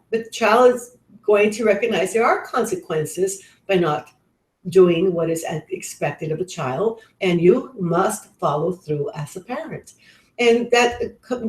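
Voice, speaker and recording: A middle-aged woman with a medium-pitched, somewhat dark voice gives a parenting webinar, sharing personal stories in an earnest, conversational way. She restarts often, and the recording has a roomy echo.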